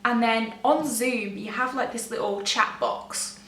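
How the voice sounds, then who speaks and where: A young adult woman vlogger tells a personal story to camera, rambling and interrupting herself with nervous laughs. Her voice is fairly high, a little slow and slightly bright. The room echoes, the mic is distant, and a faint hum sits underneath.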